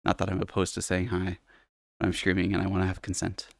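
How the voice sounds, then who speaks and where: A man's voice: deep voice, completely flat delivery, fast, gravelly, dry recording, clean studio sound. A man chatting casually on a live stream in virtual reality, rambling with lots of fillers and restarts, laughing often and swearing casually. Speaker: livestreamer. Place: home setup playing in virtual reality.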